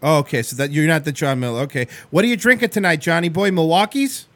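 A man's voice: a little high, no echo. A man hosting a call-in show, teasing the caller playfully. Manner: playful, teasing, quick to laugh. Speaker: host. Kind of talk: casual call-in show chat.

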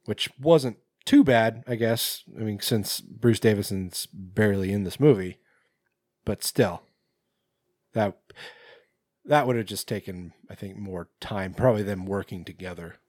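A man's voice: on the low side, a little slow, a little mellow, no room sound, studio quality. A man co-hosting a casual podcast chat, rambling with many fillers and restarts. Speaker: podcast co-host.

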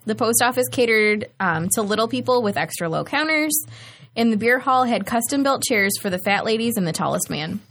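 A woman's voice: on the high side, lively intonation, fairly quick, a bit bright. Woman reading notes on a casual podcast. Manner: reads researched notes with fillers and asides. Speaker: podcast host.

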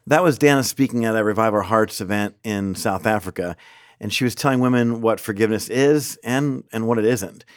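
A man's voice: fairly low pitch, brisk, no room sound, clean studio sound. A man co-hosting a podcast in a light, joking manner. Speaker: podcast co-host. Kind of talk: casual podcast chat.

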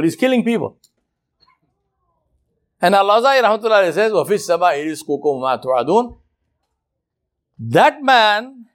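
High-voiced emphatic male preacher. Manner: emphatic, dramatic storyteller with wide swings in pitch and loudness; mixes Arabic religious phrases into English. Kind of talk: sermon storytelling.

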